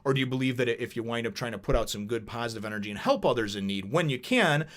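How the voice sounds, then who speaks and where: A man's voice: mid-range voice, animated, quick pace. A man casually reviewing a manga chapter in a vlog, rambling and chatty, with plenty of swearing.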